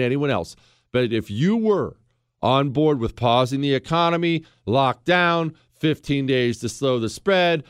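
In a dry, studio-quality recording, a man with a mid-range voice hosts a political commentary show. His monologue is a sarcastic, combative rant aimed right at the listener, mocking others through put-on quoting voices.

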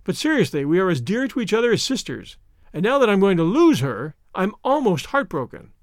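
A man's voice: sits high, very animated, fairly quick, no room sound, clean studio sound. A man putting on an eager, chatty young woman. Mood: animated. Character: young woman, bright and outspoken.

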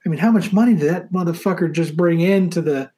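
A married man casually telling a story on a podcast, animated, swearing freely and laughing often. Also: a little high, fast talker. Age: adult, married.

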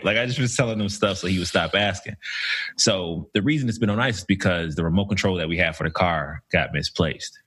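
A man in his thirties telling a personal story in casual chat, slow and reflective with many fillers. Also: low voice, fairly bright tone, breathy edge. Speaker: podcast co-host.

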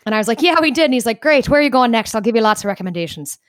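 A young woman co-hosts a casual podcast. She talks quickly and acts out the voices in her travel anecdotes. The close, dry sound keeps her right in the ear. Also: fairly high pitch, no echo. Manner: fast, animated storyteller, acts out quotes. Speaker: podcast co-host. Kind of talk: casual chat.

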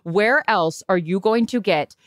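A woman co-hosting a podcast in a bubbly, chatty way, full of quick asides. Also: mid-range voice, no echo, clean studio sound. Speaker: podcast co-host. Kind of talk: casual chat.

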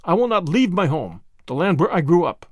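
A man's voice: high-pitched, very animated, moderate pace, fairly bright tone, no echo. A man reading the lines of a proud Native chief who firmly refuses orders. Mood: defiant. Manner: firm, declaring.

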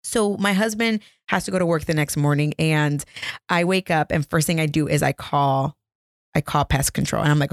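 Low-voiced, gravelly woman podcast host. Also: normal speed, no echo, clean studio sound. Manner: chatty, laughing, self-deprecating. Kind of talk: casual storytelling. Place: home. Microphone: podcast microphone.

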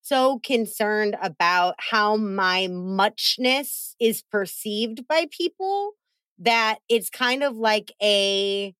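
A woman hosting a podcast in casual chat, animated and acting out quotes in big voices. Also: mid-range voice, takes it slowly, clean tone, dry recording. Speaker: podcast host.

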